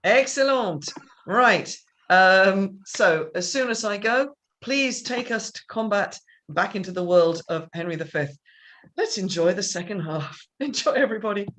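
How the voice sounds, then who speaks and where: A woman's voice: medium pitch, expressive, a little slow, a bit bright, a little hiss or hum. A woman directing a theatre company, chatting casually over a video call and often restarting her sentences. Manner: rambling, chatty, with many restarts and laughs. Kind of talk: casual chat.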